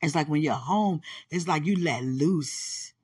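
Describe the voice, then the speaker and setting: A woman's voice: low-pitched, a little slow, darkish tone, breathy edge. A woman hosting a podcast, talking in a casual, teasing monologue and laughing often. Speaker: podcast host.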